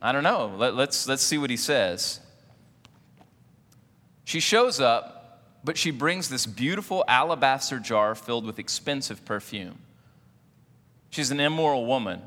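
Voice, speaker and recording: A man preaches in a church with a bright, forceful tone, joking easily and putting questions to the congregation. His words ring out with a long hall reverb behind them. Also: mid-range voice, lively intonation, unhurried, long pauses. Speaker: pastor. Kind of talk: sermon.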